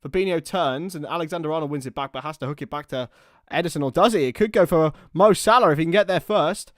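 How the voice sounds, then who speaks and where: A young man giving live partisan football commentary on a watchalong stream, excitable and prone to shouting. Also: on the high side, fast, no room sound, clean studio sound.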